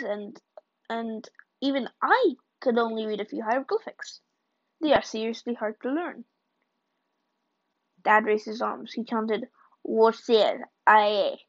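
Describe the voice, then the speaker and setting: Higher-voiced woman reading a book chapter, plain delivery with slips, dull lo-fi recording. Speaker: reader of a novel.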